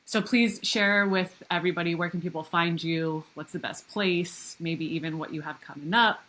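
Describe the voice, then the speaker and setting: A woman's voice: on the low side, normal speed, bright, forceful tone, a little hiss or hum, rough recording. A woman hosting a podcast interview, openly emotional and effusive, gushing thanks and praise at her guest. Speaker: podcast host. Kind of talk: interview conversation.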